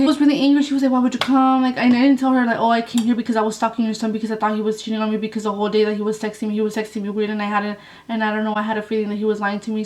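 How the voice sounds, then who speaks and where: A woman's voice: mid-range voice, far from the mic, a little hiss or hum, rough recording. A young woman telling a story on her vlog in a blunt, casual way, swearing a lot and saying "like" often. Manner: blunt, heavy swearing, lots of "like". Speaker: vlogger.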